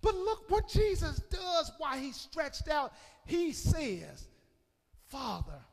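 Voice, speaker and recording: A man preaching a sermon as pastor, calling on the congregation and swinging between shouted peaks and hushed low passages. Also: sing-song, slow pace, creaky. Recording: long hall reverb.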